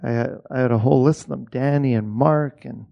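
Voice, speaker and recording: A man's voice: mid-range voice, fairly quick, creaky, highs cut off. A man from Canada, an assistant director, talking loosely in a casual interview, restarting his sentences and swearing often. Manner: rambling, frequent swearing and restarts.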